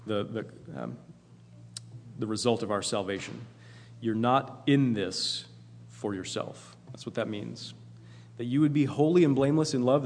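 A man preaching a sermon in an earnest, emphatic way, often repeating himself for emphasis. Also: mid-range voice. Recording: long hall reverb.

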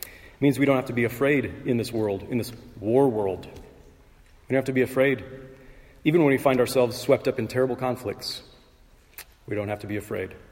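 A man's voice: mid-range voice, a little mellow. Man preaching in a reverberant church. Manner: measured, conversational preaching with filler pauses and throat clearing. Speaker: pastor. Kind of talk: sermon. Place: church sanctuary. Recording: long reverb of a church hall.

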